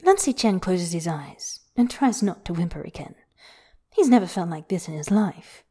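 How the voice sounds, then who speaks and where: A woman narrating a fanfiction story aloud in an intimate, soft and often whispery way. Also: lowish voice, animated, moderate pace, breathy edge. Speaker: podfic reader.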